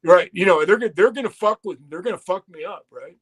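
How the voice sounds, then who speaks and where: A man's voice: high-pitched, fast talker, breathy edge. A man telling a long, profane story in casual podcast chat, quoting people as he goes.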